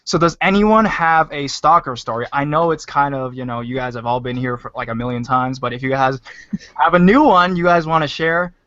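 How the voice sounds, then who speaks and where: A man hosting a live stream and chatting casually with guests, loud and joking, quick to tease them. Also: medium pitch, no echo. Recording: lo-fi, dry voice chat audio.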